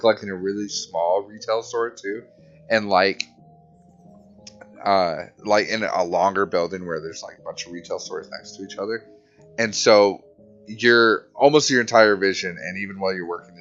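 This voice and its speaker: A man's voice: on the low side, a bit bright. Young man, let's play host, casual rambling commentary, swears, muffled audio, faint game music. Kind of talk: gameplay commentary, reading game text aloud.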